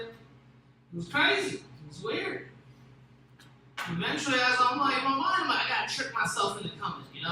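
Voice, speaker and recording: A young man telling a long, crude, rambling story as a stand-up comedian. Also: extremely high pitch. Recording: echoey room with faint noise.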